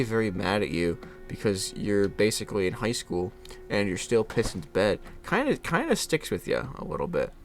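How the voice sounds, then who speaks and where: A man's voice: lowish voice, slight background noise. A man in his twenties telling a candid personal story about his childhood, laughing at himself often and restarting his sentences. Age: 20s. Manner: self-deprecating, laughs often, many restarts. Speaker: podcast host.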